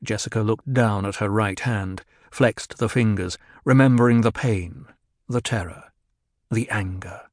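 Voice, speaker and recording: A man narrating a novel in a measured, steady storytelling voice. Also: on the low side, dry recording, clean studio sound. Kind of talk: audiobook narration.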